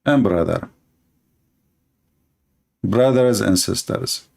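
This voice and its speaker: A man's voice: on the low side, extremely slow, creaky, a little mellow, breathy edge. Sarcastic man mocking with laughter. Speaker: religion critic. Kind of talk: mocking commentary.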